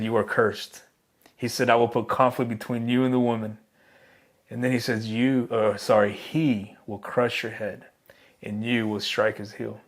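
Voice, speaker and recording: Man, bible teacher, sermon, earnest, emphatic, mid-pitched voice, slows on key phrases.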